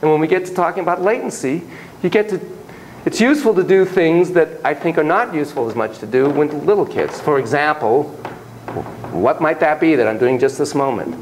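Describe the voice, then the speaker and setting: Animated man lecturing a class. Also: fairly high pitch, fairly quick, slight background noise, poor audio. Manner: animated, acts out quotes in shifting voices. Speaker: lecturer in child psychotherapy.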